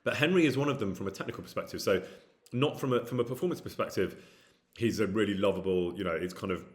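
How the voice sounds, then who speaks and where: Speaking at a quick pace, a low-voiced man chats casually on his live stream. He picks questions from chat and gives long, meandering answers thick with hesitant fillers.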